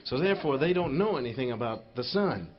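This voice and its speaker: A man telling stand-up stories live in a rambling, animated way, full of "you know". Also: mid-range voice, fairly quick. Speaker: stand-up comedian. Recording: dull live album with crowd laughter. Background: audience laughter.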